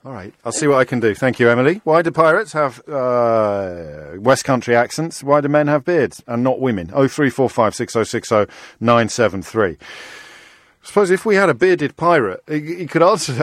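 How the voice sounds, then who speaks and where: A man's voice: mid-range voice, no room sound. Male radio host, joking and teasing, close dry studio mic. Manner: bantering, teasing, quick asides. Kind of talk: casual radio chat.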